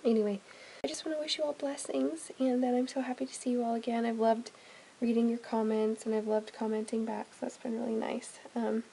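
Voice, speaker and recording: A woman's voice: fairly high pitch, steady tone, brisk, creaky, a little hiss or hum, poor audio. A woman chatting casually to camera from a home closet for her family vlog, rambling with plenty of "um" and "you know". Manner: chatty, frequent "um" and "you know", drifting softer. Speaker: family vlogger.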